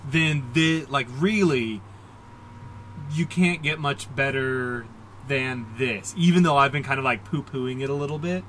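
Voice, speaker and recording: A man's voice: mid-range voice, unhurried, fairly bright tone, a little hiss or hum, low-quality recording. A man co-hosting a casual podcast, rambling and self-deprecating, with many fillers and restarts. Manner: rambling, self-deprecating, puts on mock voices. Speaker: podcast co-host. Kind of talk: casual comic book discussion.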